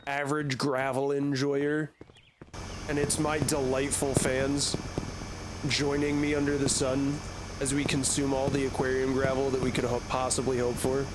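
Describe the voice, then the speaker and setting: A man's voice: mid-range voice, monotone, normal speed, very noisy. A young man streaming a game, rambling and joking with casual swearing. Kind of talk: casual gaming commentary.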